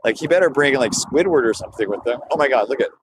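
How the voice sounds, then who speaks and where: A man's voice: medium pitch, animated, fast talker. A man streams live from his phone as he walks outside, talking to his chat in a loose, meandering way. His thoughts drift and restart as he goes, and there is a faint hum of outdoor noise behind him. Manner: loose, rambling and chatty, talks to chat viewers. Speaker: livestreamer. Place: outdoors, walking through a neighborhood.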